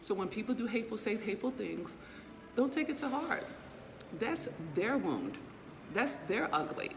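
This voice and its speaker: A woman's voice: fairly high pitch, sing-song, moderate pace, gravelly, over music. Middle-aged woman motivational speaker, emphatic and profane, talking straight to viewers. Long reverb tail on the voice. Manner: emphatic, blunt and profane, full of rhetorical check-ins. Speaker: inspirational speaker and business mentor. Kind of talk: motivational livestream talk. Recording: long reverb with faint background noise.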